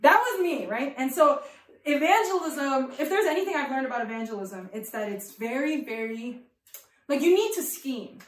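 Rambling, animated young woman storyteller. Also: sits high, normal speed, echoey room, far from the mic. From New York City. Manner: animated and rambling, tags lines with "right?". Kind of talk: comic personal storytelling.

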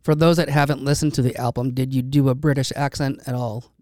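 A man's voice: mid-range voice, steady tone, a little fast, darkish tone, no room sound, clean studio sound. A man interviewing a guest in casual chat, asking friendly, curious questions.

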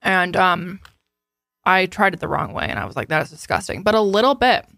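A woman's voice: fairly low pitch, lively intonation, normal speed, creaky, a bit bright, no echo, clean studio sound, soft background music. A young adult woman co-hosting a podcast, playful and enthusiastic, swearing casually while tasting snacks. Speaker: podcast co-host. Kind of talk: casual chat, snack taste test.

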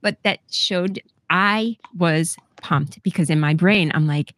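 A woman's voice: lowish voice, slow, fairly bright tone, no echo. A middle-aged woman telling a personal story on a podcast in a candid, casual way, swearing freely and laughing often. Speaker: podcast co-host.

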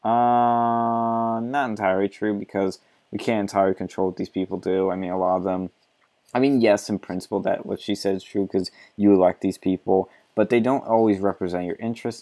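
A man's voice: low voice, fairly even intonation, fairly quick, warm tone. A man reading an article aloud and mocking it with sarcastic, profane commentary, often laughing.

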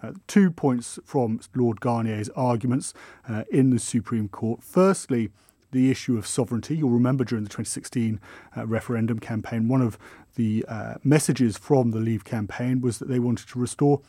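A man giving a measured news report as a correspondent, explaining the points of a court case. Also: mid-range voice, mellow, no echo, clean studio sound. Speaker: legal correspondent.

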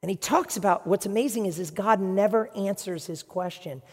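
A pastor preaching a sermon in a dramatic, conversational storytelling way, dropping to a hush and rising again. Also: mid-range voice, normal speed. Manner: dramatic, acts out voices in quotes, swings from hushed to loud. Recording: long reverb of a large hall.

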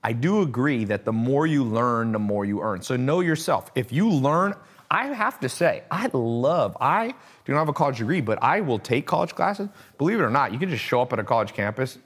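A man's voice: mid-range voice, fairly quick. A man as a podcast guest, talking casually and acting out the voices of people in his stories. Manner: animated storyteller, mimics voices.

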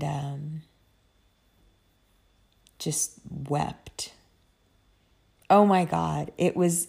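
Low, gravelly woman chatting about books. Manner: profane, chatty, animated storytelling. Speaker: book vlogger. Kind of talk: casual chat.

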